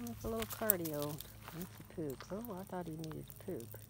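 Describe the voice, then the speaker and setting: A woman's voice: lowish voice, expressive, moderate pace, noisy background. A woman who breeds dogs, chatting casually as she walks a puppy outdoors, coaxing it along as she talks. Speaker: dog breeder. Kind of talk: casual vlog while walking a puppy. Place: outdoors on a rural road.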